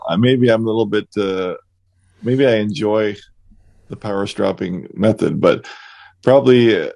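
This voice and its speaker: A man's voice: lowish voice, normal speed, gravelly, dark tone, dry recording. A man co-hosting a podcast about woodcarving, giving easygoing, laid-back advice in casual chat.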